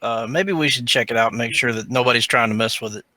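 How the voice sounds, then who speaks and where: A man's voice: medium pitch, quick pace, pushed and bright. A man playing a tabletop game, speaking in a laid-back, plain-spoken way. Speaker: player. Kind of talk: casual tabletop play.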